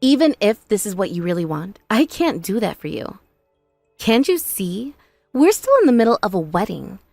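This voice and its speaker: A woman voicing a patient young bride in an animated story, calm, earnest and reasoning. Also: medium pitch, normal speed, vocal fry, no echo, faint music behind.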